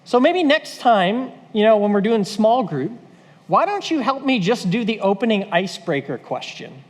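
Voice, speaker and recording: A man's voice: sits high, very animated, normal speed, in a large hall. A man leading a church leadership training, talking conversationally and acting out quoted voices.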